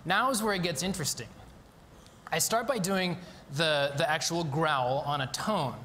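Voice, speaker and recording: Man, conference speaker, fairly high voice, eager and explanatory, long hall reverb, faint hiss behind. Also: moderate pace, sharp tone. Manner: eager, explanatory, with frequent ums and restarts. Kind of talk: live stage talk explaining a demonstration. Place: university lecture hall.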